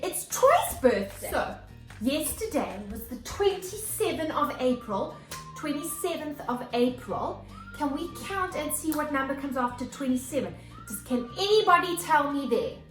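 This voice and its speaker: A woman teacher, leading a children's morning lesson in an animated way, with gasps and exclamations. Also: sits high, measured pace, reverberant, faint music behind.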